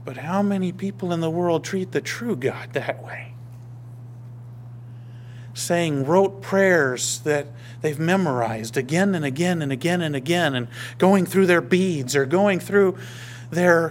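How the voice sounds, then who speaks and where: A male pastor preaching a sermon, emphatic, swinging between raised declarations and hushed whispers. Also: a little high, unhurried, a little hiss or hum.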